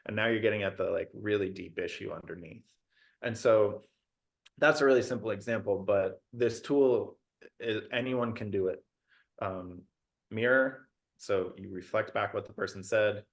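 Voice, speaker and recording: A man with a lower voice speaks as a podcast guest who coaches and mediates conflict. He lays out his method in a practical, step-by-step way, pausing on fillers as he goes. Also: creaky. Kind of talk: casual podcast conversation.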